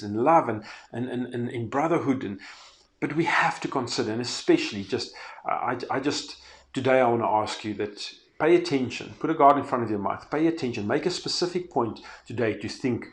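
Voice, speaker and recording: A man giving an earnest, conversational devotional talk and telling a personal story. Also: medium pitch. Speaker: faith-based speaker.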